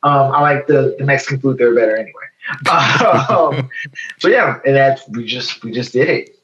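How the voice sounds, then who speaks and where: A man from Chicago's South Side in his thirties, speaking as a guest on a casual interview. He tells a story with energy, acting out the quotes as he goes. The recording is a bit dull and lo-fi. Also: medium pitch. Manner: animated, fast storytelling with quoted dialogue. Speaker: guest, photo editor.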